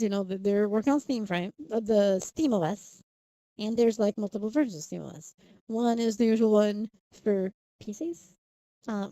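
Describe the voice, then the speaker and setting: Here the livestreamer's voice is medium-pitched and dark, captured lo-fi with no room sound. She's a young woman chatting loosely on stream, losing her thread, starting over and breaking into giggles.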